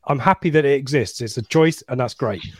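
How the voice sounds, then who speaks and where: A man's voice: mid-range voice, fast, no room sound. Chatty man hosting a podcast. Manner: chatty, rambling, laughs at himself. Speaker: podcast host. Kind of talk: casual football podcast chat.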